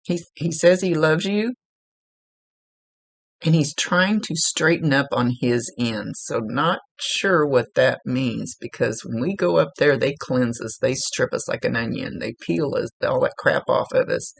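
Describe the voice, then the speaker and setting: A woman's voice: a bass voice, measured pace, creaky, no room sound. A woman working as a psychic medium, giving a spirit reading to a client in a rambling way, searching for words and restarting her sentences.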